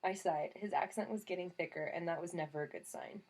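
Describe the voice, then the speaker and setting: A woman reads a novel aloud in first person, with a wry, dry storytelling manner. Her voice sits a little low for a woman. The delivery is steady, scripted narration. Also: fairly quick, few pauses. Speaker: audiobook narrator.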